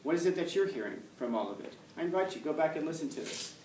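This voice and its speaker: A male lecturer races through his class in a slightly high, expressive, somewhat mellow voice. Blunt and forthright, he keeps throwing rhetorical questions at his students, recorded from some distance in an echoey classroom where a faint hum runs under his voice.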